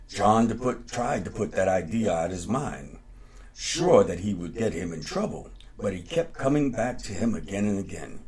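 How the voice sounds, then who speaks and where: Man reading a folk tale aloud, breathy husky voice, bouncy delivery. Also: fairly low pitch, lively intonation, moderate pace, a little mellow. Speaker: podcast host and storyteller.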